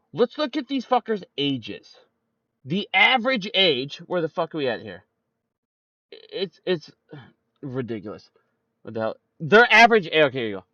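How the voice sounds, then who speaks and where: A man's voice: high-pitched, a bit bright, dry recording. A young man ranting about politics, combative and full of swearing, addressing his listeners directly. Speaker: streamer. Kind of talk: political rant. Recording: dull, dry close-mic sound.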